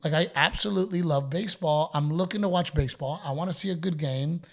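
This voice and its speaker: At a quick pace and with a voice a little high, this Texan man hosts a podcast in casual chat. His stories are full of quoted dialogue and frequent laughs.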